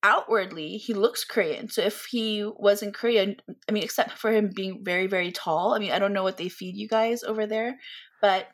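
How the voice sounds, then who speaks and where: Young woman w a north american accent, podcast guest, lots of likes and ums, mid pitch. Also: fairly even intonation, moderate pace. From Philippines. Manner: chatty, many fillers and restarts. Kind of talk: casual interview chat.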